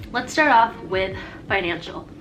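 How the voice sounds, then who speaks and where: A woman's voice: a little high, noisy background. Chatty young woman vlogging casually. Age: young adult. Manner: chatty and rambling, heavy use of "like". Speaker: college student vlogger. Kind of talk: casual advice vlog.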